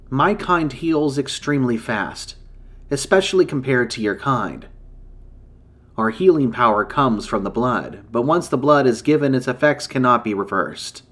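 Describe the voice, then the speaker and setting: A man's voice: mid-range voice, expressive, fairly bright tone. A man voicing a solemn ancient dragon woman. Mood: grave. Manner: solemn, measured, formal speech. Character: ancient grave female dragon in human form. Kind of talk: storytelling.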